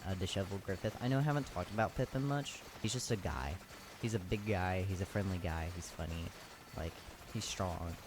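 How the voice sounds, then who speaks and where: Male comedic ranter, lowish voice, swears freely, sarcastic slangy recap, noisy recording. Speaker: youtuber recapping an anime.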